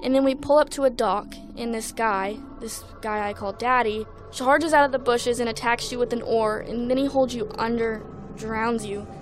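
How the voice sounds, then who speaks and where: A woman's voice: on the high side, fairly even intonation, moderate pace, over music, natural voice. An actress playing a teenage girl shaken by a nightmare, talking in an uneasy, worried way. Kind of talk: audio drama acting.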